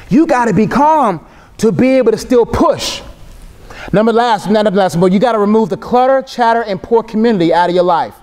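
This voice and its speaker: A young male speaker delivering a sermon with a fairly high voice. He preaches emphatically and casually, dropping into slang and jokes between his points. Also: darkish tone. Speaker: Christian speaker.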